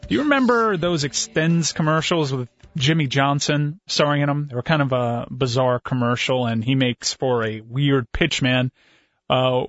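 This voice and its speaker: A man working as a radio producer, introducing segments and trading quick wry remarks. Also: medium pitch, dry recording. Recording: muffled lo-fi radio audio with faint music.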